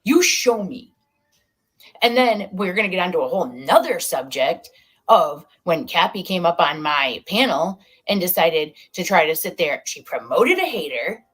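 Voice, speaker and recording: A woman's voice: on the low side, animated, normal speed, fairly bright tone, breathy edge. A woman on a played livestream clip, ranting and taunting in a confrontational, repetitive way.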